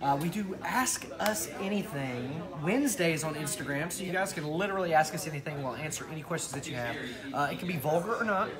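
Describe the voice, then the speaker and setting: An excited man hosts a live show, talking fast and animated. His voice sits a little high, with people chattering in the background. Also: a crowd in the background. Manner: excited, animated promo talk. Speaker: show host. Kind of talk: casual live show chat.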